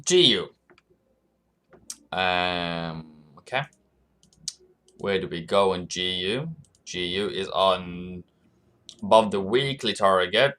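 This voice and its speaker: A man's voice: sits low, expressive, slow pace, pauses often, a bit bright, clean tone. A man hosting a live trading stream, chatting casually, answering viewers by name and laughing often. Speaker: forex trading livestream host.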